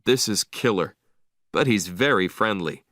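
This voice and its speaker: A man's voice: lowish voice, lively intonation, a little slow, fairly bright tone, no room sound, studio quality. A man voicing a friendly, blunt grown man who owns a big dog in a storybook. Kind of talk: storybook narration.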